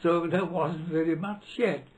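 A man's voice: a little high, steady tone, unhurried, low-quality recording. An older man whose first language is not English, recalling colleagues in an oral history interview with frequent hesitations. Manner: hesitant, anecdotal, acts out quotes in raised voice. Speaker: interviewee, retired law professor.

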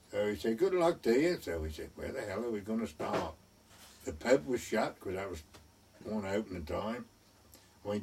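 An older man, his voice slightly husky, spins a long reminiscence, chuckling and acting out the people he quotes. He sits some way from the microphone, so his voice sounds distant. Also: mid-range voice, darkish tone. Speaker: oral history storyteller. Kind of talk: reminiscing anecdote.

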